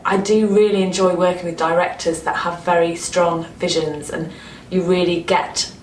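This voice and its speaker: A Northern English woman, an actress being interviewed, who talks with animated enthusiasm and often restarts her sentences. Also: on the low side, moderate pace. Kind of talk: casual interview chat. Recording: roomy, distant mic with faint noise.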